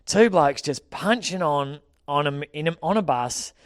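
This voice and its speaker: A man's voice: on the high side, expressive, measured pace, no echo, studio quality. An Australian man co-hosting a podcast, telling a long rambling story in casual chat. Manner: rambling anecdotes, laughs while telling. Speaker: podcast co-host.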